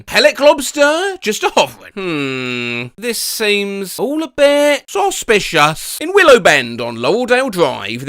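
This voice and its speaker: A man reads odd online posts aloud for laughs, his pitch leaping all over the place. His voice is high and bright, recorded close and dry. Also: no echo. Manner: animated, jokey, slips into silly voices. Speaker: comedy video host. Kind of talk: comedic commentary reading posts aloud.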